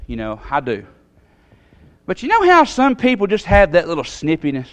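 Folksy storytelling man, fairly high voice. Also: normal speed. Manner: folksy, animated storytelling with big pitch jumps. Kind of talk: storytelling sermon.

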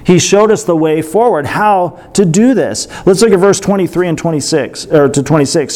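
A middle-aged male pastor giving a sermon, telling a story with animated, self-deprecating humor. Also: fairly high pitch, moderate pace, few pauses.

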